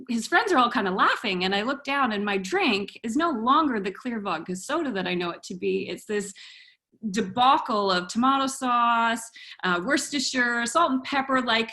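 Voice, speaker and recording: A woman's voice: a little high, bright, forceful tone. A woman guest on a podcast telling a story casually and animatedly, with lots of fillers and laughter.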